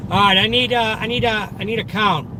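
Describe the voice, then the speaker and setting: A man with a thick Boston accent chats away to his stream from the driver's seat, boastful and upbeat. His voice sits high for a man. Road and engine noise rumble clearly behind him. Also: brisk. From Massachusetts. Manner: chatty, talks to viewers in chat, upbeat and boastful. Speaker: delivery driver streaming live. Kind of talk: casual live-stream chat while driving. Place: inside a car in the city. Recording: noisy car interior. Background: car and road noise.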